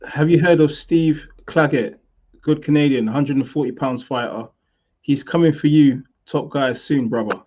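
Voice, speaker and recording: A man hosts in an upbeat way, pitched a little higher than most men. His voice comes through muffled and lo-fi, as if from a basic mic. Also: moderate pace. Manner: upbeat, reading fan questions and shout-outs. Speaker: host. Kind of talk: casual chat, live show hosting.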